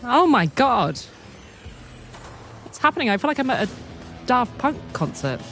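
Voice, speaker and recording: Lively, expressive woman podcast co-host. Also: a little slow, soft background music. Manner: lively and expressive, laughs often, jumps up in pitch. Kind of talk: casual news chat.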